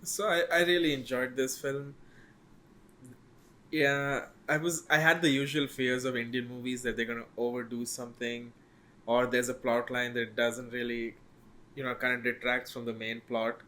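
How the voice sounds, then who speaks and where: A man co-hosting a podcast, giving his film opinions in a relaxed, slightly halting way. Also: medium pitch. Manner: relaxed, thoughtful, a little halting. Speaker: podcast co-host. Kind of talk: casual film discussion.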